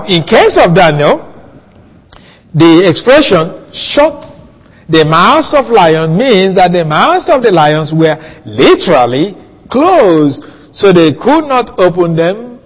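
A man preaching a sermon, teaching slowly through a Bible passage with soft chuckles and questions to his listeners. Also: sits high, very animated, long reverb tail.

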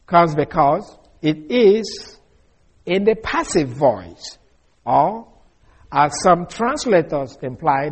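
A man giving a deliberate verse-by-verse Bible lesson, explaining carefully with frequent fillers and restarts. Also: fairly high pitch, husky. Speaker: Bible teacher.

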